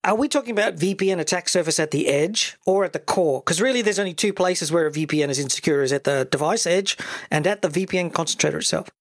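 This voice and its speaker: A man's voice: fairly high pitch, fast, no room sound, studio quality. A man hosting a tech podcast, talking in an opinionated, conversational way with a wry edge. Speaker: podcast host. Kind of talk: casual tech podcast chat.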